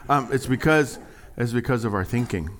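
A man preaching a sermon, animated and jokey, swinging from quiet asides to loud, high exclamations. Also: normal speed, a little hiss or hum. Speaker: pastor.

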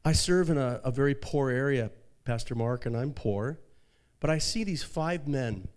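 A man preaching a sermon as pastor, telling a story softly and then rising into fervent, high-pitched preaching. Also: moderate pace, smooth.

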